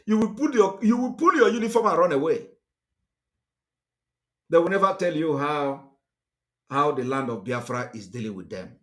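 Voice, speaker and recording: A man's voice: a little high, animated, normal speed, pauses often, fairly bright tone. A man with a Nigerian accent gives a fiery, repetitive, emphatic political monologue as a livestream host.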